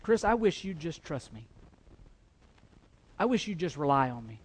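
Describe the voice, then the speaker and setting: Male preacher as God: hushed, tender, pleading inner voice in a sermon. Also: fairly high pitch, very animated, moderate pace, slightly rough, voice pushed down, low-quality recording. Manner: soft and pleading. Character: gentle, longing voice of God speaking to a man.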